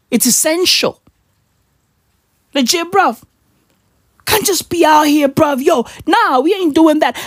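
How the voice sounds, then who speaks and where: A woman's voice: high-pitched, no room sound, clean studio sound. A South African woman delivering a profane, slangy comedic rant, repeating herself for effect. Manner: animated, repetitive, slangy.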